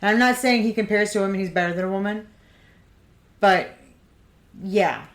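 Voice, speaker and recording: A middle-aged woman co-hosting a podcast with her daughter, making calm, motherly remarks. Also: medium pitch, moderate pace. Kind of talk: casual chat.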